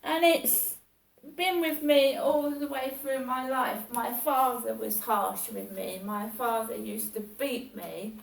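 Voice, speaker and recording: Aggrieved woman venting slowly. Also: on the high side, creaky. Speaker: vlogger. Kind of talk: personal monologue. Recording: echoey room, far from mic.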